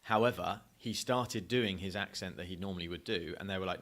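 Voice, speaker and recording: A young man with a fairly low voice, chatting casually as a podcast co-host. He rambles and restarts his sentences and slips in jokes. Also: brisk, a bit bright. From Essex, England. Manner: rambling, self-correcting, jokey. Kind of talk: casual chat.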